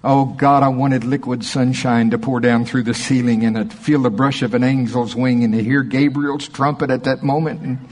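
Husky-voiced man preaching a sermon. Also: mid-range voice. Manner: storytelling, animated in anecdotes.

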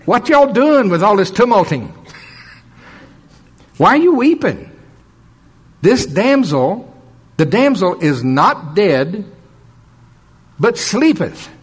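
A teasing, folksy Jesus, as a preacher puts him on, the voice lifted high above his usual talk. He chides the mourners in homespun speech. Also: big pitch swings, slow, pauses often, slightly rough, long reverb tail, heavily acted. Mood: gently teasing. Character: Jesus, grown man, gently chiding mourners.

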